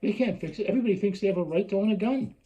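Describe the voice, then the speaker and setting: A man's voice: sits high, rapid-fire, mellow, dull audio. An older man from Canada delivering an angry, sarcastic ranting monologue, often mocking others in put-on voices. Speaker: vlogger.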